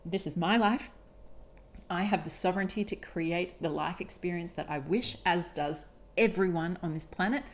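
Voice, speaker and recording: Low-voiced woman podcaster, emphatic and candid. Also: moderate pace. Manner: emphatic, frequent swearing; candid, confessional. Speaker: podcast host. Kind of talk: solo podcast monologue.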